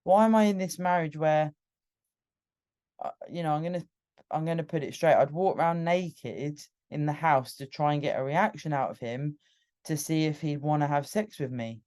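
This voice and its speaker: A British woman talks through her own story on a solo podcast, candid and emotional, sometimes restarting her sentences. Her voice is warm and mellow rather than bright. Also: low voice, normal speed. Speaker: podcast host. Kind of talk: personal storytelling monologue.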